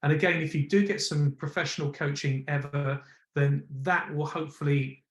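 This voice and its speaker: A man, a TV presenter, coaching presenters in a live online session with energetic, encouraging emphasis. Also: fairly high pitch, moderate pace. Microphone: video call. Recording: echoey room.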